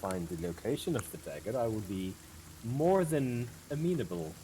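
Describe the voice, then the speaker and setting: A man's voice: fairly low pitch, big pitch swings, moderate pace, dark tone. Guy putting on a smug fey deal-maker, grand and teasing, swoops around a lot, bit of hiss behind. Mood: sly. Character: sly fey bargainer offering deals, playful and smug.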